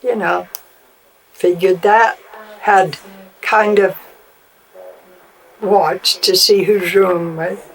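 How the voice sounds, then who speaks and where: An older woman, a mother, telling family stories in a halting way that trails off. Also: mid-range voice, fairly even intonation, rough recording. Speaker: mother recalling family memories. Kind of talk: casual family storytelling.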